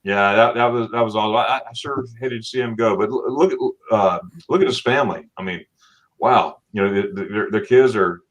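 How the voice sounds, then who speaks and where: A middle-aged man from Florida hosting a casual livestream chat, telling animated stories and acting out what people said with laughs. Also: fairly low pitch, a little fast, highs cut off. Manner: animated storyteller, acts out quotes with laughs. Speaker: livestream host.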